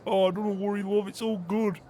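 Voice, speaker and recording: A man's voice: high voice, little pitch movement, brisk, warm tone, slight background noise. A young man, chatting in character during a game roleplay, hearty and emphatic, swearing casually. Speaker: roleplay player.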